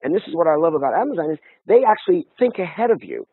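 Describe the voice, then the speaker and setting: A man telling stories in casual conversation, animated and full of restarts. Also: a little high, rapid-fire, slightly rough, no room sound. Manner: animated storytelling with many restarts. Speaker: guest. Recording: tinny phone-line sound, dry.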